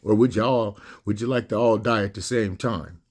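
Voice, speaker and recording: A man's voice: on the low side, moderate pace. A middle-aged man hosting a raw monologue, full of rhetorical questions and slang, getting emotional and close to tears as he talks. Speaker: host. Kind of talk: monologue to camera.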